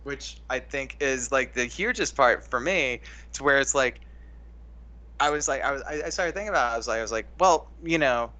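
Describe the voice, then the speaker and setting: Bright, rambling male co-host for a laid-back movie talk. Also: medium pitch, animated, brisk. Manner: rambling, restarts often. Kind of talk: casual film breakdown chat.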